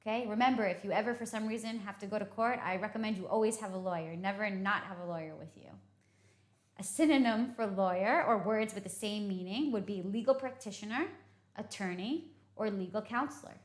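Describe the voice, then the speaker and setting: A fairly quick, mid-range female voice leads an English vocabulary lesson in an echoey space. The teacher, from the United States, explains patiently and keeps asking "okay?"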